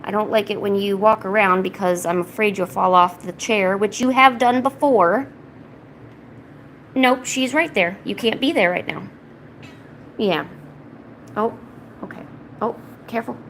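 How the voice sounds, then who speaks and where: A woman's voice: mid-range voice, unhurried, long pauses, slight background noise, rough recording. Rambling woman chatting while she paints. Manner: rambling, self-interrupting, soft baby talk to her cat. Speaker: art streamer. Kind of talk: casual chat while painting. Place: home, indoors.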